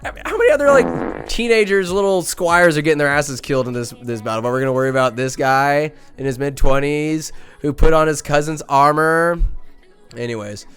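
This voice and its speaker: A man's voice: fairly high pitch, brisk, fairly bright tone, clean tone, soft background music. A man hosting a podcast, recapping a movie in a casual comic way, crude and joking, rambling with lots of fillers. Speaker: podcast host.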